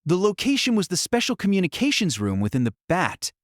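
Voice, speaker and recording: Expressive male audiobook narrator. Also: high voice, fairly quick, no room sound, clean studio sound.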